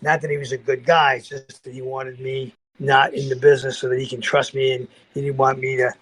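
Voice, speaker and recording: An older man, a guest on a podcast, tells a story like a casual raconteur, rambling, restarting often, using plenty of fillers, and acting out the voices of the people in it. His voice is mid-range and a little fast, and the recording quality is low.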